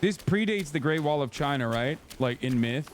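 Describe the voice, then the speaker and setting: A man's voice: a little high, animated, moderate pace, a little hiss or hum. A man in his thirties streaming a video game, chatting casually and joking with his chat. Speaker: streamer host. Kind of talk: casual gameplay commentary. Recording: voice over loud game music.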